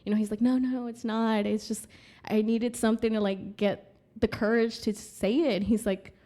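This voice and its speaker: A woman's voice: on the high side, normal speed. A young woman, a podcast guest, telling a story in casual chat, laughing often and acting out what people said. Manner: animated, laughs often, acts out quotes.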